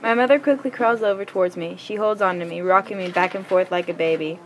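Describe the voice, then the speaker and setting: A woman reading a story aloud in a quick, plain way, with small stumbles now and then. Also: on the low side, fairly even intonation, slight background noise, poor audio.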